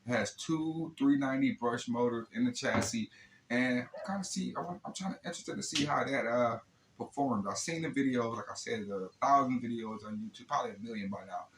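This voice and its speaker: A man's voice: mid-range voice, brisk. A man hosting a casual hobby unboxing video, talking in a laid-back, slangy way and often adding "man" and "you know what I'm saying". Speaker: RC hobby channel host. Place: indoor room he calls his lab. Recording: echoey room with faint noise.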